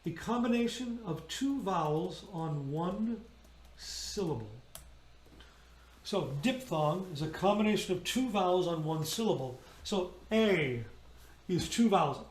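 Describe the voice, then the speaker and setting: Slow, high-voiced man leading choir warm-ups. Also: echoey room. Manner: patient, demonstrates vowels by singing them. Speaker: choir director. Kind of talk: online choir rehearsal teaching.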